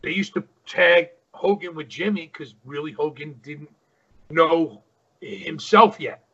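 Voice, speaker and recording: A man's voice: on the high side, slow pace, sharp tone, husky, muffled recording. A middle-aged man, a retired pro wrestler, telling stories as an interview guest, rambling with many fillers. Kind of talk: casual interview storytelling.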